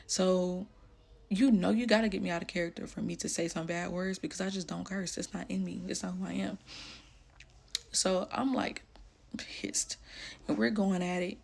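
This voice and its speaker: A woman's voice: medium pitch, steady tone, brisk, gravelly. A woman telling a personal story candidly, blunt and emotional, with casual slang.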